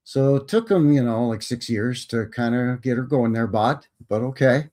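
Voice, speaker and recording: A man's voice: medium pitch, moderate pace, darkish tone. A Canadian man hosting a livestream, reading history text aloud and adding folksy, wry asides. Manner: folksy, says "bud" and "eh". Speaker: livestream host. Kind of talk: casual commentary reading aloud.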